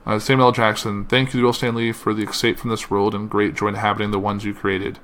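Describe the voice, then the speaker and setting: A man's voice: fairly low pitch, little pitch movement, a bit bright, a little hiss or hum. A man hosting a podcast, reading a tribute and quoted messages aloud, with slips and uh fillers. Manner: reads slowly with uh fillers and slips. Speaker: podcast host.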